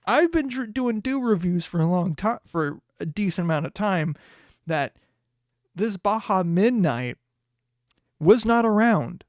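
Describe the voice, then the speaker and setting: A man hosting a casual solo podcast, with a voice a bit higher than usual and a dry, close sound. He rambles, swears freely and often laughs. His pitch jumps suddenly when he gets worked up. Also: animated, a little slow, no echo. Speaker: podcast host.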